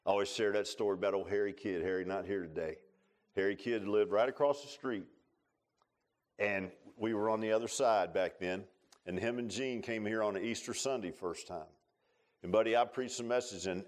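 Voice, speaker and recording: Man, preacher, lowish voice, folksy storytelling, loud peaks and hushed drops. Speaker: pastor. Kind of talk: sermon. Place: church sanctuary.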